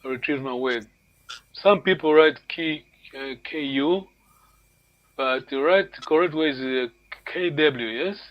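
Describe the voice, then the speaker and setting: A man's voice: on the high side, unhurried, no echo, muffled recording. A male language teacher giving an online lesson over a video call, patient and encouraging, often repeating words.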